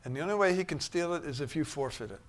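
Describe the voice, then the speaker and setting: A man's voice: a little high, lively intonation, fast talker. Preaching man with a raised voice. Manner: swings between soft musing and loud emphatic bursts. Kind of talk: sermon.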